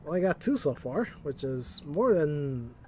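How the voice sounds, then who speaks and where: A man's voice: on the high side, very animated, a little slow, a little mellow, slight background noise. A man streaming a driving game, rambling and mocking himself, laughing often at his own mistakes, talking into a desk mic. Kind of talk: casual gameplay commentary.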